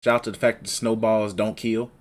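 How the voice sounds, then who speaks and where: Relaxed man with a lowish voice. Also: brisk. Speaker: podcast co-host. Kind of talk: casual anime recap chat.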